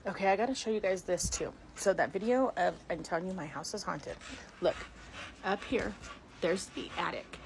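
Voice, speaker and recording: This noisy phone-camera clip, shot inside her home, captures a frightened middle-aged woman whispering and crying out as she films the house by hand. Her voice is lowish and creaky, at a normal speed.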